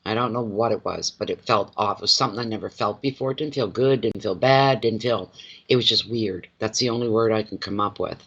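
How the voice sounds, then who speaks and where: A man, a card reader chatting casually on a livestream from home, expressive and quick to laugh, greeting viewers by name. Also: on the low side, slightly rough, dull audio. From Atlantic Canada.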